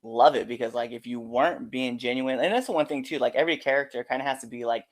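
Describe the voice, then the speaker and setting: A man's voice: mid-range voice, fast. A man hosting a wrestling podcast, talking casually with lots of fillers and laughing along. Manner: relaxed, laughs along, rambling with many fillers. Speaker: podcast host. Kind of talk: casual chat.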